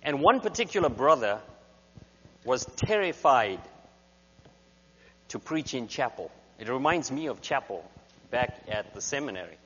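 A guest speaker in a church sanctuary delivers a sermon, animatedly telling stories. His husky, mid-range voice moves unhurriedly with frequent pauses. The recording is dull, with hum and the reverb of a large hall.

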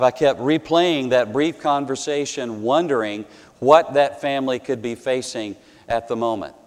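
A man preaching a sermon, telling a story earnestly with dramatic pauses and rising to louder passages. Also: medium pitch, clean tone. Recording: long hall reverb.

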